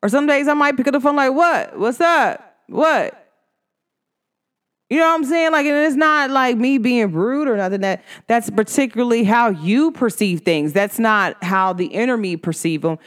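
A blunt, outspoken woman speaks casually to the camera. Her voice is smooth and resonant, and she talks with emphatic energy, putting on other people's voices when she quotes them. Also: a little high, brisk, few pauses. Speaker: vlogger.

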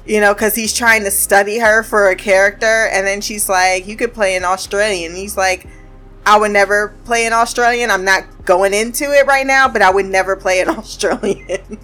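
A woman's voice: medium pitch, fairly bright tone. A woman casually recapping a TV episode, chatting and laughing often as she acts out lines from the scenes.

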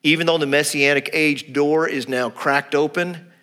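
A male pastor delivering a sermon in a bright, clear voice. He explains scripture and slips into quoted speech, lifting or dropping his pitch for effect. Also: moderate pace. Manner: expressive preaching, acting out quoted lines with shifting pitch.

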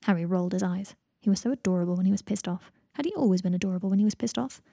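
A woman reading a story aloud in a calm, even way, with a husky voice. Her tone is dark and mellow. She is recorded close up and dry. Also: mid-range voice, very fast, dry recording. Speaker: audiobook narrator. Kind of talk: fan fiction audiobook reading.

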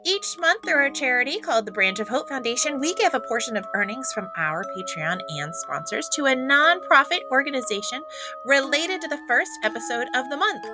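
A woman co-hosting a podcast, talking in a bubbly, quick, casual way. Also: high voice, animated, over music. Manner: bubbly, quick, laughs often. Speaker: podcast co-host.

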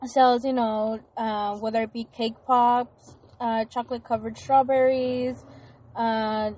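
Woman co-host, high and slow, giggly, fumbling with fillers. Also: flat delivery, a little mellow. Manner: giggly, hesitant with many fillers. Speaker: podcast co-host. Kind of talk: casual chat.

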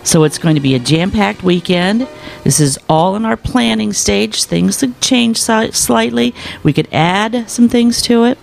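A man's voice: high voice, creaky. A man hosting a podcast, upbeat as he announces weekend event plans in casual chat. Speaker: podcast host.

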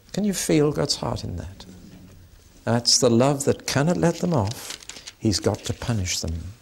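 A man's voice: medium pitch, big pitch swings, measured pace, gravelly, slight background noise. A man preaching a sermon, teaching earnestly and expressively from scripture.

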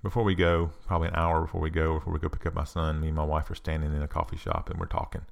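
A man's voice: very deep voice, racing, gravelly. A middle-aged man giving an earnest, confessional self-help talk, telling personal stories and repeating phrases for emphasis.

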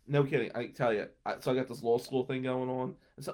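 A man's voice: medium pitch, fairly even intonation, quick pace, few pauses, darkish tone. A young man telling a rambling personal anecdote and laughing between lines. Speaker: storyteller. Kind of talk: casual anecdote.

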